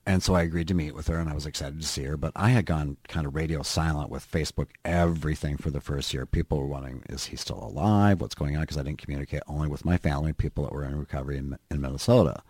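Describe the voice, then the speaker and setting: A man's voice: a bass voice, fairly even intonation, racing, hardly any pauses, a little mellow, no echo. A middle-aged man telling candid personal stories as a podcast guest in casual chat. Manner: candid storytelling.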